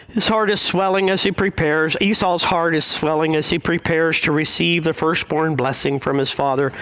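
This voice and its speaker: A male pastor preaching a sermon, speaking in a measured, deliberate way with frequent pauses. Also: fairly high pitch, sharp tone.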